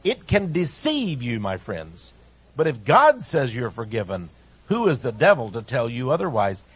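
A man preaching a radio sermon in an impassioned, emphatic way, with a husky voice. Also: mid-range voice, huge pitch swings, moderate pace, no room sound. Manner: impassioned, emphatic, rising and falling.

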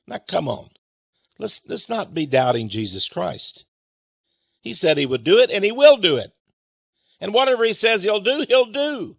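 A man's voice: high-pitched, sing-song, moderate pace, vocal fry, breathy edge, no room sound, clean studio sound. A man preaching and commenting on Bible verses, with emphatic rhetorical questions. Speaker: Bible teacher. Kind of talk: sermon-style Bible reading and commentary.

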